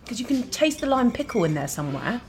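A woman's voice: on the high side, very animated, quick pace. A woman who is a musician, chatting frankly and laughing easily as a guest over a meal. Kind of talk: casual chat over a meal. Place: dinner table. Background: clinking cutlery and dishes.

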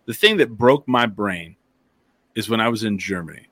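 A man hosting a podcast, chatting casually and telling stories, with animated quoted voices. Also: lowish voice, normal speed, no echo. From near the Texas border, eastern New Mexico. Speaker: podcast host. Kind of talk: casual chat, storytelling.

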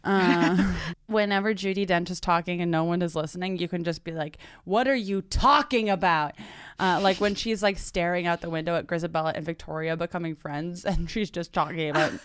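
A woman chatting on a podcast with a smooth, clear, slightly low voice, recorded dry and close. She giggles through her jokes and breaks into loud mock yells. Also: flat delivery, no room sound. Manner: giggly, jokey, quick bursts of loud mock yelling. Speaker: podcast co-host. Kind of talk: casual podcast chat.

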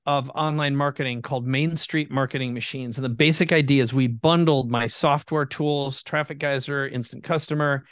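A man from Minnesota telling his story as a guest entrepreneur in an earnest, animated way. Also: a little high, clean tone, no echo, clean studio sound. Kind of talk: conversational storytelling.

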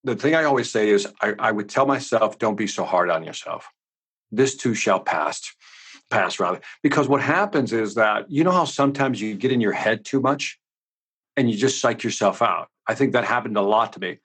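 A man's voice: mid-range voice, animated, a little fast, fairly bright tone, breathy edge. A man from the United States, a sales coach talking energetically with emphatic asides in a casual podcast interview.

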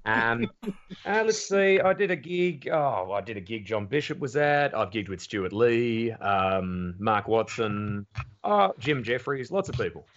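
A man with an Australian accent, a comedian guest telling lively, sweary anecdotes in casual podcast chat. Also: mid-range voice, a little slow, dull audio. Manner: lively anecdotes, swears freely, slips into voices.

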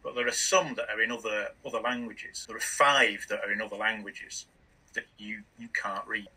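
A man's voice: fairly low pitch, steady tone, pushed and bright, slightly rough, distant mic, low-quality recording. Man game-mastering with restarts. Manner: halting, many restarts. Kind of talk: narrating a tabletop game.

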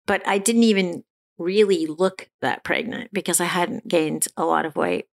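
Middle-aged female guest, gravelly and fairly low, candid and halting with many restarts. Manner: halting, frequent restarts and fillers, laughs now and then. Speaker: guest sharing her recovery story. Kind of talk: candid personal storytelling.

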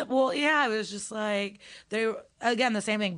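A woman's voice: medium pitch, normal speed, no echo. A woman stand-up comedian telling stories in casual chat, acting out the voices of people she quotes. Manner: animated storytelling, acts out quotes.

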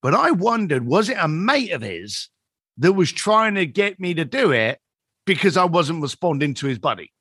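A man's voice: a little high, moderate pace, slightly rough, no room sound, clean studio sound. A man telling a story as a podcast guest, acting out the dialogue as he goes. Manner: animated storyteller who acts out quoted dialogue.

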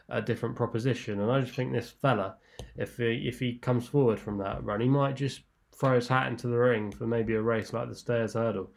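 A man giving horse racing tips in a relaxed, rambling way, with lots of fillers and restarts. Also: mid-range voice, gravelly. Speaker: racing tipster guest. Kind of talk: casual racing tips discussion.

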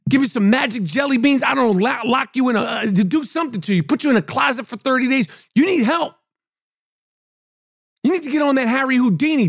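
A man's voice: high voice, no room sound. Guy ranting on his podcast, swears a lot, blunt, dry mic. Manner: blunt, profane, heated. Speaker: podcast host. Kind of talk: profane sports rant.

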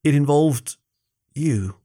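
A man's voice: mid-range voice, lively intonation, normal speed, creaky, darkish tone, no echo, clean studio sound, pitched above the performer's own voice. A man reading aloud, voicing a young male furry animal who is anxious and lovesick, his voice lifted and shaky with emotion. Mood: halting, upset.

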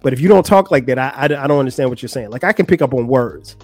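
A man's voice: medium pitch, lively intonation, fast talker, a little mellow, faint music behind. A man in his forties from the United States, hosting a podcast and telling a story in loose, slangy casual talk with restarts. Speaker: podcast host.

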